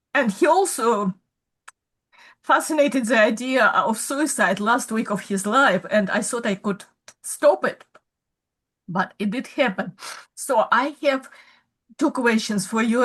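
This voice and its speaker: Woman on a video call, hesitant, halting, kinda high voice. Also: fairly bright tone. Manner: hesitant, halting, searching for words. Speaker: grieving mother, audience member.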